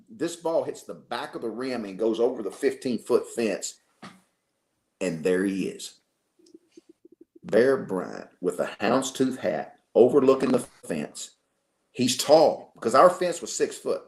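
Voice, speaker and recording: A man from Arkansas, a football coach telling lively stories as an interview guest. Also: medium pitch. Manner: animated storyteller, acts out quotes. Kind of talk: storytelling in a radio interview.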